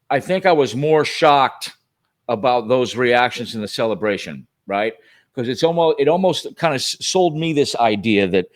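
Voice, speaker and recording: A man who is a guest on a talk show, speaking emphatically and with profanity in casual political conversation. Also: medium pitch. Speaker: guest filmmaker.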